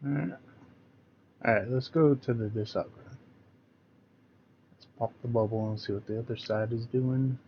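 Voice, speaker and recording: A man's voice: mid-range voice, steady tone, normal speed, long pauses, muffled recording, slight background noise. A man hosting a reaction commentary show, ranting in a sarcastic, mocking way.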